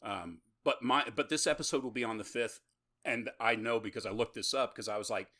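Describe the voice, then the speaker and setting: A man's voice: mid-range voice, a little fast, bright, forceful tone. A man co-hosting a podcast in casual chat, rambling and laughing often. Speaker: podcast co-host.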